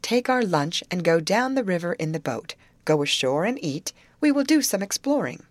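A woman's voice: fairly low pitch, sing-song, moderate pace, no echo. A woman reading the lines of an eager teenage girl who leads her friends, in an audiobook. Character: eager teen girl, leader of the group.

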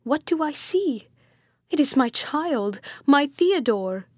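A woman's voice: mid-range voice, a little slow, dry recording, studio quality, close to an everyday voice. A woman reading the part of a devout old male friar who pleads with emotion in a raised voice. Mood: pleading.

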